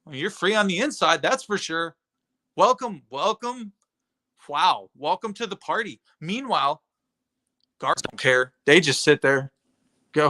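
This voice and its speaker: A man's voice: fairly high pitch, animated, unhurried, pauses often, bright, forceful tone. Sarcastic, profane ranting man. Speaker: streamer addressing his chat. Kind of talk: rambling rant at a chat member.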